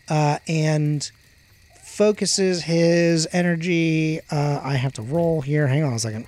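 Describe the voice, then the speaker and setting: A man's voice: on the high side, takes it slowly, a little mellow. A man narrating as game master of a tabletop game, full of hesitant ums and uhs.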